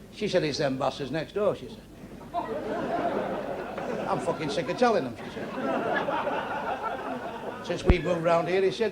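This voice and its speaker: A male stand-up comedian with a high, gravelly voice fires off crude jokes bluntly. The audience in a packed club laughs loudly around him. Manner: blunt, crude, brisk punchlines. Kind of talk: stand-up joke telling to a live audience. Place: club stage before a seated audience. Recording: crowd laughter throughout a live club show.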